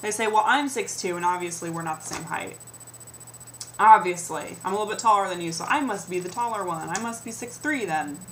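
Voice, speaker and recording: A woman's voice: lowish voice, fast talker, hardly any pauses, fairly bright tone, slight background noise, poor audio. A young adult woman vlogging a sarcastic comedic rant, mimicking the comments people make to her.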